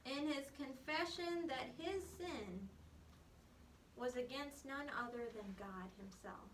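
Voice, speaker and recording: A woman leads a Bible class at an unhurried pace, explaining and stressing points with "um" and "okay". Her voice sits high and sounds crisp. She is picked up from across an echoey room, with faint room noise behind her. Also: a bit bright. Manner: emphatic and explanatory, with frequent "um" and "okay". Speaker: Bible study teacher. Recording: echoey room recorded from far off.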